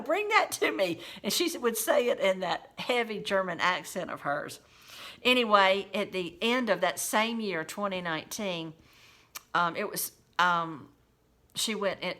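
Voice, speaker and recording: Her voice sits fairly low with a fairly bright tone as she, a home caregiver, recalls memories in a relaxed, faith-filled storytelling style. Folksy and chatty, she addresses her listeners directly and quotes scripture along the way.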